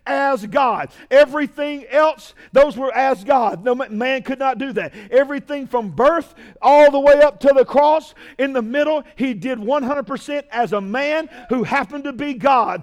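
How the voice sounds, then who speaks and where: High-voiced man preaching a fiery sermon. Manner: shouting, drawn-out emphatic preaching with call-outs to the congregation.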